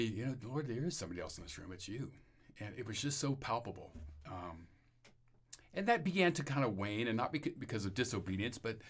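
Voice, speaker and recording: A man telling a rambling personal faith testimony in an interview, with restarts and laughter. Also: on the low side. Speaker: interview guest.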